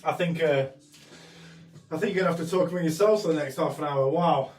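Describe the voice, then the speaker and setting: A man's voice: fairly high pitch, brisk, a little mellow. A man hosting a live painting stream, chatting casually with a self-deprecating, apologetic manner. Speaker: painting livestream host. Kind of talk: casual live art demonstration. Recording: echoey room, mic at a distance, faint music. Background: faint background music.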